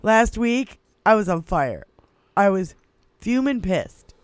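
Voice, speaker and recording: High, clear-voiced man ranting and swearing. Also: slow pace, no echo. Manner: swearing, animated, laughing a lot. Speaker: podcast co-host. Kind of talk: profane political rant.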